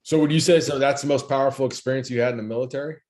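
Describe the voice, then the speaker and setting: Male host, mid pitch, halting questions, casual. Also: fairly even intonation, darkish tone. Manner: hesitant, curious questioner with restarts. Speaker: interviewer host.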